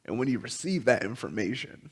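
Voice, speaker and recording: A man's voice: mid-range voice, expressive, a little fast, a little hiss or hum. A man giving a personal storytelling talk as a guest teacher, speaking candidly and conversationally, with frequent ums. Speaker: guest teacher at a spiritual community.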